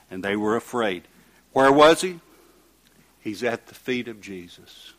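A man preaching a sermon, reading scripture aloud and asking rhetorical questions, rising to loud emphatic peaks and dropping to quiet asides. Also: mid-range voice, lively intonation, unhurried, long pauses. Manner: reads scripture aloud in King James wording.

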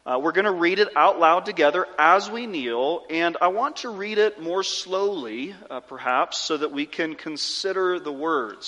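A pastor preaching a sermon and then leading his congregation in a slow, measured confession prayer, speaking with earnest conviction. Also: a little high, fairly bright tone. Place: church sanctuary. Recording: long reverb of a large room.

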